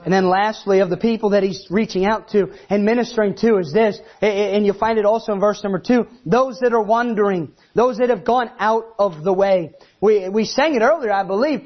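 A man preaching a sermon, animated, acting out the voices he quotes. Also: high-pitched, brisk, few pauses, dull audio.

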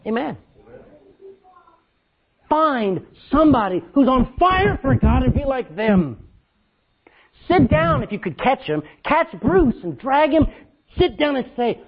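A man preaching a sermon, telling stories loudly and acting out what people said. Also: extremely high pitch, slow pace, pauses often, breathy edge, muffled recording. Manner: loud, animated preaching with acted-out quotes. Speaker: pastor. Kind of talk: storytelling sermon.

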